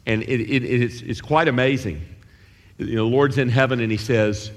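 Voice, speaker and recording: A man preaching a sermon, animated and acting out the voices of biblical figures. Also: medium pitch, moderate pace. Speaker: pastor. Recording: long hall reverb.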